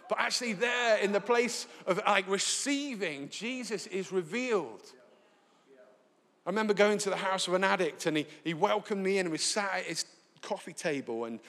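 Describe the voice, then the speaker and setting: A man with a Northern English accent preaching a sermon live in a large church, telling stories and acting out the dialogue. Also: a little high. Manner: lively storytelling, acts out dialogue. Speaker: pastor. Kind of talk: sermon with anecdotes. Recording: long hall reverb.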